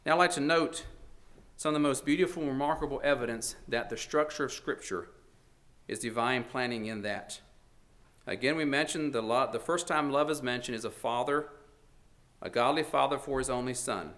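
A man's voice: mid-range voice, normal speed, a bit bright. A man preaching a sermon in an earnest, emphatic way, his voice swelling and dropping for emphasis.

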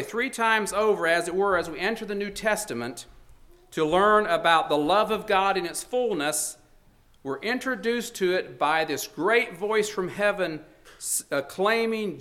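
A man's voice: high voice, a bit bright. A man preaching a sermon in an earnest, emphatic way, his voice swelling and dropping for emphasis.

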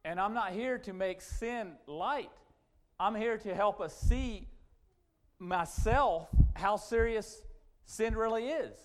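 A man preaching a sermon, emphatic and repetitive, swinging from loud urgent points to quiet asides. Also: high voice. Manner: emphatic, repetitive restarts, rising and falling sharply.

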